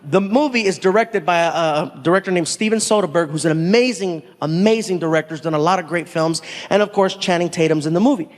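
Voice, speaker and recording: A man doing animated stand-up storytelling on a theater stage, acting out the voices of people in his stories. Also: high-pitched, quick pace, hardly any pauses, big-room sound. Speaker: stand-up comedian.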